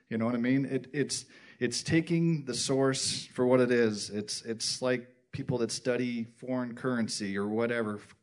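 A man speaking in a halting, rambling way in a casual church group discussion, often restarting his sentences. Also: mid-range voice.

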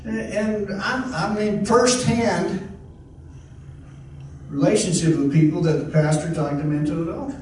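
A man's voice: high-pitched, measured pace, darkish tone. A man preaching a sermon as pastor, in a folksy conversational way with frequent restarts. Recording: echoey hall, distant mic, faint noise.

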